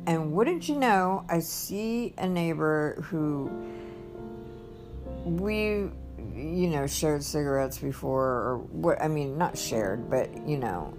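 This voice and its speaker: A woman telling a personal story in a casual monologue, rambling with restarts and acting out what people said. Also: sits low. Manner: rambling, with many restarts and acted-out quotes. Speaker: vlogger.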